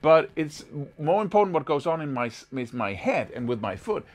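A man teaching a guitar lesson in a casual, animated way, sometimes singing rhythms as syllables. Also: fairly high pitch, normal speed. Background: guitar playing.

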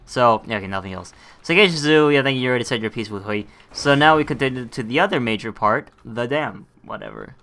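A young man gives casual let's-play commentary, laughing and swearing freely as he plays. His mid-range voice is a bit bright and moves at a quick pace.

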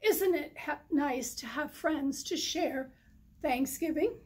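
A woman reading the part of a kindly, friendly male moose in a children's story, speaking slowly and gently. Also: high voice. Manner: slow, gentle storybook delivery.

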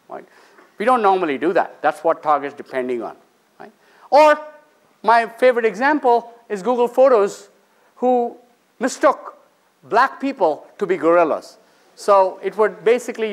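A man, a finance professor, lecturing students in a conversational way, asking the audience questions and briefly acting out the people in his stories. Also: sits high. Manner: acts out quoted people in short bursts.

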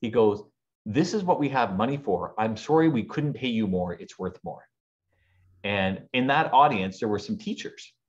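Animated male storyteller, lo-fi audio. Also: lowish voice, normal speed. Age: 40s. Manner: animated storyteller acting out quoted voices. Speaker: guest speaker. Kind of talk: storytelling interview. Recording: dull lo-fi audio.

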